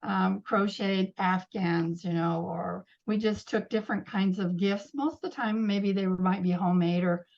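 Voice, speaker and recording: An older woman recalls old times gently in a casual interview. Her voice sits at a middle pitch and comes through slightly muffled. She speaks in an unhurried, easygoing way. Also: fairly even intonation, gravelly. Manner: gentle, reminiscing. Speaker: guest.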